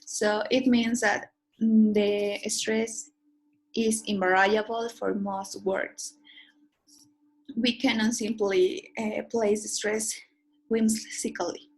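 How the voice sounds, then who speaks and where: A woman's voice: mid-range voice, level tone, takes it slowly, poor audio. A woman explaining a linguistics lesson, hesitant, with many fillers and restarts.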